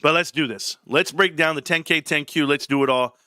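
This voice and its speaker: A man hosting a casual livestream, talking brashly and joking, dropping to low mutters and then jumping to high outbursts. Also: brisk, pushed and bright, clear, resonant tone, no room sound, clean studio sound. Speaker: livestream host.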